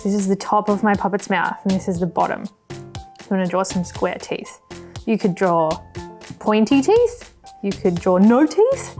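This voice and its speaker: A woman's voice: mid-range voice, lively intonation, measured pace, darkish tone, faint music behind. A woman teaching a puppet-making workshop for children, cheerful and encouraging. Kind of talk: children's craft tutorial.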